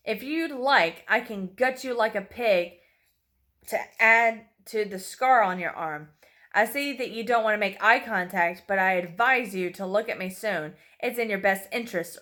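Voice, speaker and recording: A woman's voice: mid-range voice, lively intonation, moderate pace, a bit bright, close to an everyday voice. A woman doing a sadistic, taunting male captor. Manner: taunting, menacing, mocking. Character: sadistic mocking male captor, cruel and calm.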